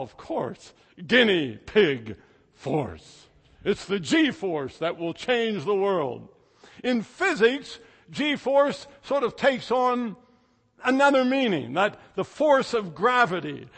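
High-voiced man in his sixties preaching slowly. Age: 60s. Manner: animated storytelling with sudden loud and soft swings. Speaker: pastor. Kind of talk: sermon. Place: church sanctuary. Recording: echoey church hall.

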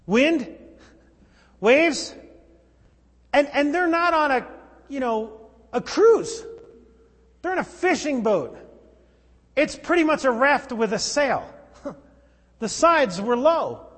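A man's voice: very high voice, big pitch swings, takes it slowly, long pauses, breathy edge. A male pastor preaching a sermon in a church, conversational and wry, with sudden emphatic outbursts. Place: church sanctuary. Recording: long reverb of a large church hall.

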